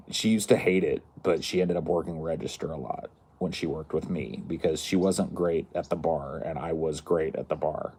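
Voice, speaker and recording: A man's voice: rumbling low, darkish tone, breathy edge. A man hosting a podcast, telling a casual, rambling story and laughing along as he goes. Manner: rambling, laughing at his own stories. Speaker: podcast host.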